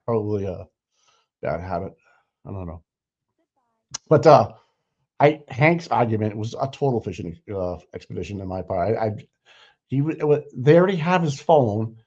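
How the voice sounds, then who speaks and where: A man's voice: fairly low pitch, sing-song, normal speed, long pauses, a little mellow. A man with a Boston accent co-hosting a casual livestream, rambling and opinionated, with lots of fillers and easy laughter. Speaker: livestream co-host. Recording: dull lo-fi stream audio.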